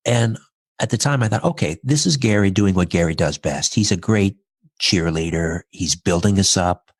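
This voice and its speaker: Deep, husky-voiced man telling a story. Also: sing-song, moderate pace, no echo, studio quality. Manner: earnest, reflective, recounting events step by step. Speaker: podcast guest. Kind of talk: personal storytelling in conversation.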